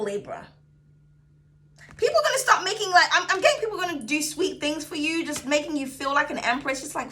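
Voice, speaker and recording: A woman giving a casual tarot reading to camera, sassy and chatty, swearing freely and calling her viewers darling, swinging between excited outbursts and low soothing asides. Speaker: tarot reader.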